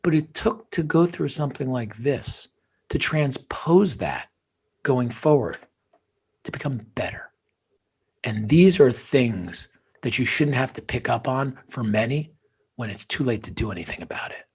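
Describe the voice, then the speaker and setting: A man, a guest, telling a personal story with feeling, dropping to hushed near-whispers and rising to intense emphasis. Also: mid-range voice, animated, a little slow, slightly rough.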